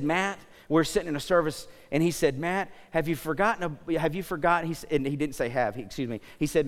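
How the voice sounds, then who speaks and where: A man preaching a sermon in a church sanctuary, his fairly high voice ringing out with a long hall reverb behind it. He swings from loud, emphatic declarations down to hushed, confessional tones. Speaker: pastor.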